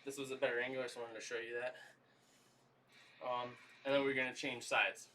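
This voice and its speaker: Guy coaching a home workout stream, bright voice, kinda far from the mic, lil bit of hiss. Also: mid-range voice, level tone, fairly quick. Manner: easygoing, coaching with lots of "y'all" and "okay?". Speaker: fitness trainer. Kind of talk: livestream workout instruction.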